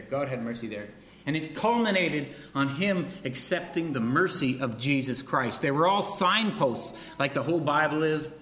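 A man's voice: medium pitch, a bit bright, echoey room, slight background noise. A man preaching a sermon in a conversational way, with frequent asides and restarts. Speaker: pastor.

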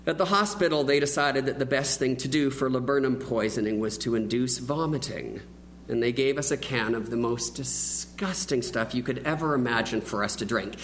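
A man preaching a sermon, telling a childhood story with lively, acted-out delivery. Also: mid-range voice, slight background noise, low-quality recording. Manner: animated storyteller who acts out the quoted voices.

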